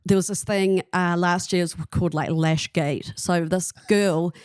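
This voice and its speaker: A woman's voice: fairly low pitch, fairly even intonation, measured pace, a little mellow, smooth, dry recording, clean studio sound. Chatty New woman telling gossip. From New Zealand. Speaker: guest. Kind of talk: casual podcast chat.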